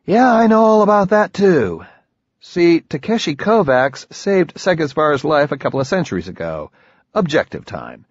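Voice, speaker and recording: A man plays a hard-edged male envoy agent in an audiobook, voiced noticeably higher than the narration. He pushes, needles and swears. The sound is dry and slightly dull. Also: sing-song, no room sound. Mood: wry. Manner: wry, pressing, quick to swear. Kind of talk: audiobook character voice.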